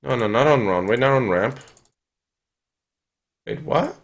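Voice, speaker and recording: A young man streaming a flight game, chatting with viewers and thinking aloud with lots of fillers, now and then breaking into excited yells. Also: medium pitch, measured pace. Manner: reads and answers viewer chat while playing. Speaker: gaming streamer. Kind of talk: live gameplay commentary.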